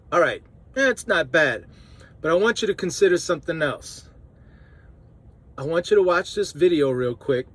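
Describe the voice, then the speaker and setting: A truck driver from New Orleans with a New Orleans accent, chatting casually to camera in a vlog and laughing often. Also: male voice, mid-range voice, a bit bright. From New Orleans, Louisiana.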